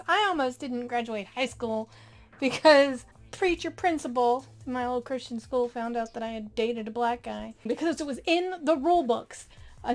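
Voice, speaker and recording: High-voiced sarcastic woman vlogger. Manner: sarcastic, chatty, laughing asides. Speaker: video host. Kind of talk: casual commentary reading posts.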